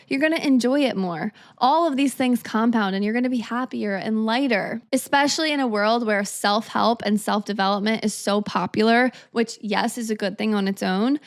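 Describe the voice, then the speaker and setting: Upbeat chatty young woman, higher voice. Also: clear, resonant tone. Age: 20s. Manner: upbeat, chatty, lots of "like" fillers. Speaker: podcast host. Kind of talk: casual solo podcast monologue.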